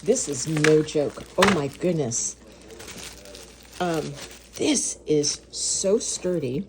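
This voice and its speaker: This woman has a low voice with lively intonation, stretching her words out while background noise runs underneath. She's a food vlogger in her home kitchen, unboxing and tasting baked goods and gushing with gasps and moans.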